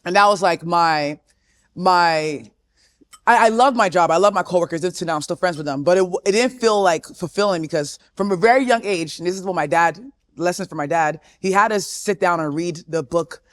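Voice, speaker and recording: A woman in her twenties, a guest in a casual interview, telling her story with animated energy. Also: fairly low pitch, brisk, dry recording. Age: 20s. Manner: animated storytelling, often acting out quotes.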